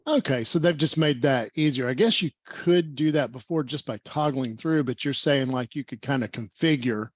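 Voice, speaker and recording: A man hosting an online developer meetup on a video call, talking fast and rambling with many fillers. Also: mid-range voice, no echo, dull audio. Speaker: meetup host. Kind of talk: casual online meetup presentation.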